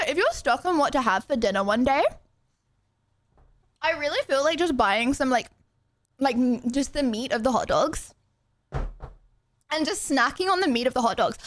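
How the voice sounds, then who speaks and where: A woman's voice: high-pitched, a bit bright, dry recording. A young woman streaming live, chatting casually and rambling to her viewers while she eats. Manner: rambling, chatty, talks to chat.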